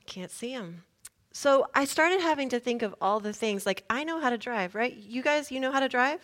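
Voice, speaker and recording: Woman preacher, bright voice, higher pitch, animated storyteller. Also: fairly quick. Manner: animated storyteller, shouts in retellings. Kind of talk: sermon story.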